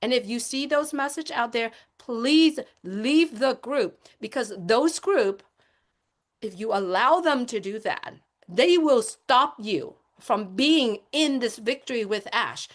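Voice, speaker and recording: A woman's voice: fairly high pitch, expressive, slow. A woman speaking as a panelist on a webinar, giving an impassioned, emphatic talk that circles back to its points. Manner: emphatic, repetitive, lecturing.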